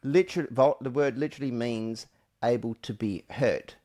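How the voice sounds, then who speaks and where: A man's voice: medium pitch, moderate pace. A man hosting a podcast in casual chat, joking, restarting his sentences and trailing off. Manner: animated, restarts and trails off, jokey. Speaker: podcast host.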